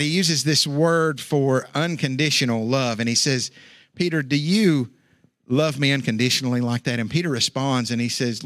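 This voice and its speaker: Impassioned preaching man, bright voice. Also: no echo, clean studio sound. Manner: impassioned preaching, swings from loud and high to low and hushed; casual asides like "man" and "dudes". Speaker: pastor. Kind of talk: sermon.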